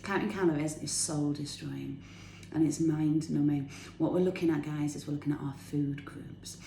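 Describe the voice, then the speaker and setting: A woman with a deep, gravelly, dark-toned voice speaks at a moderate pace with a steady tone. As a fitness tip vlogger, she gives bubbly, enthusiastic healthy-eating tips to camera from her home kitchen, laughing as she chats. There's slight background noise along with an echoey room and faint ambience.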